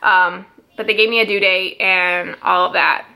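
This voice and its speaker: A young woman talks straight to her viewers in a casual storytime vlog. Her voice is bright and clear, and she chats freely, filling her sentences with "like" and slipping into quick quoted exchanges as she retells the conversations. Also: fairly low pitch, fairly even intonation. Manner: chatty, lots of "like", quotes others in her own voice. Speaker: mom vlogger.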